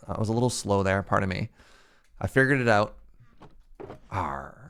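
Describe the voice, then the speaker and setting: A man's voice: lowish voice, animated, normal speed, vocal fry, long pauses, a bit bright, clean tone. A man streaming a survival game, casually joking with viewers and thinking aloud as he builds. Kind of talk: casual gameplay commentary, chatting with viewers.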